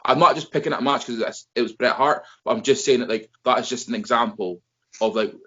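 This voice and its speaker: A man's voice: medium pitch, fast. A man hosting a casual wrestling chat, rambling and swearing as he talks. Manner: profane, rambling, animated. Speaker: wrestling podcast host. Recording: dull lo-fi sound.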